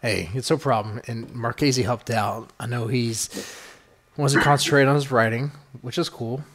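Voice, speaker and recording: A man's voice: mid-range voice, steady tone, normal speed, noisy background. A man hosting a podcast in loose, rambling chat, swearing freely and stacking fillers. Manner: rambling, profane, many fillers. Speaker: podcast host.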